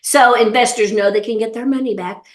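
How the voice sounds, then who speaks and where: A middle-aged woman with a Southern US accent, an animated, folksy comedian chatting in an interview. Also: a little high, a little fast, reverberant. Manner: animated storyteller, laughs often, folksy. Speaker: comedian and actor, interview guest. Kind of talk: casual interview chat.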